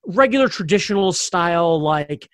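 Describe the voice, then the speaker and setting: A man's voice: high voice, animated, normal speed, no echo. Rambling man telling a blunt story. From suburbs of Baltimore County, Maryland. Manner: rambling, many fillers, blunt and profane. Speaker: guest telling a personal story. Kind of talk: casual storytelling chat.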